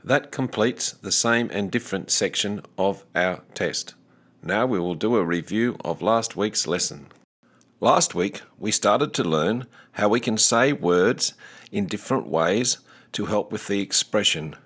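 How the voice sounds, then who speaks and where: Male teacher, low-ish voice, unhurried deliberate delivery for a recorded lesson. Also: fairly bright tone. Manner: slow, deliberate, carefully enunciated.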